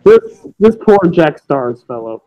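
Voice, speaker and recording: A young man hosting a casual wrestling podcast chat, talking in quick excited bursts and swearing freely. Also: a little high. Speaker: podcast host. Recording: dull lo-fi podcast audio.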